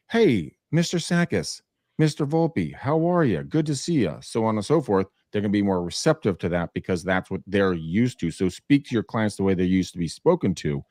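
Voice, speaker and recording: Animated male podcast host, dry close sound. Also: low voice, dry recording. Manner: animated storytelling, acts out quoted voices, casual swearing. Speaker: podcast host, real estate agent. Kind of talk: casual podcast chat.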